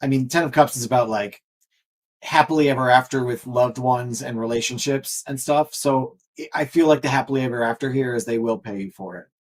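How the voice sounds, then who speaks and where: Male tarot co-host, casual and rambling, self-deprecating, mid pitch. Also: brisk, a little hiss or hum. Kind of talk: casual chat on live stream.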